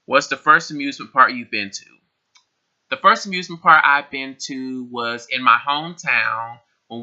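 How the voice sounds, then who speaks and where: In his room, a young vlogger answers questions for a casual tag video, chatting, laughing a lot, and repeating himself. His voice is mid-range with a sharp tone, and the sound is lo-fi.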